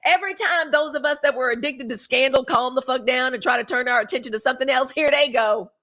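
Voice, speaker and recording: Animated high-voiced woman, chatty host. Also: fast talker. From Mississippi, USA. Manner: animated, gossipy, cursing freely. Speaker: live show host. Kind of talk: casual live-stream chat.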